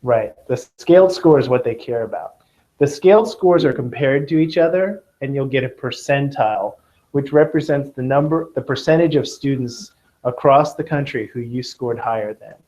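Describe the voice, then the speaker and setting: In a dull, lo-fi classroom recording, a tutor with a Southern Californian accent leads a test-prep lecture. His mid-range, slightly mellow voice moves at a moderate pace as he jokes around and checks in with his students.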